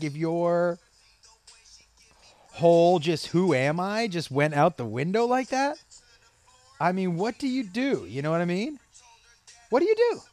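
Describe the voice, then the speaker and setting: Comedian guy rambling on his podcast, swears a lot, slightly high voice. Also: dry recording. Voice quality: profane, rambling, laughing asides. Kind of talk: casual solo podcast chat.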